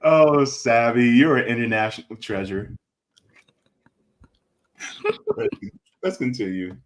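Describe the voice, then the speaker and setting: A man's voice: mid-range voice, animated, slow. A man hosting casual political commentary, full of sarcastic remarks and laughing asides. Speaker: host.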